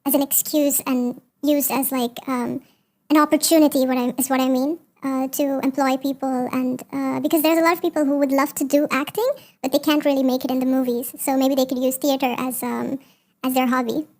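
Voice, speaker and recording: A woman with an Indian accent answering speaking test questions, pausing and hesitating as she forms her ideas. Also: sits high, little pitch movement, darkish tone. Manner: hesitant, many fillers and restarts while forming ideas. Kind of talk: spoken exam answers.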